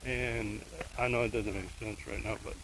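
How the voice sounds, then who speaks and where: A man's voice: fairly low pitch, steady tone, normal speed, noisy background. A man casually retelling a true crime case, rambling and emotionally invested, with asides to the viewer. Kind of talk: casual storytelling.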